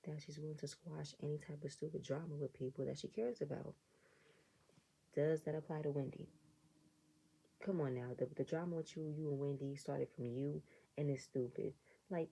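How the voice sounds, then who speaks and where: A woman's voice: low-pitched, vocal fry, warm tone, breathy edge, poor audio. A woman giving a casual review of a reality show episode, with sarcastic commentary and mock reactions. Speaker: reality TV recap vlogger.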